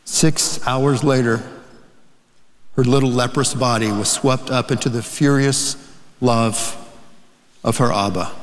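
A priest delivers a sermon story in a slow, solemn voice, letting words hang in long pauses. His voice sits at an ordinary pitch for a man, and it rings out with a long reverb, like in a big hall.

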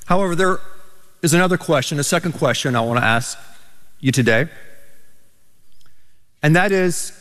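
A pastor preaching a sermon, telling stories with animated, emphatic delivery. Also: male voice, on the high side, moderate pace, long pauses. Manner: animated storytelling, rising to emphatic peaks. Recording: reverberant church hall.

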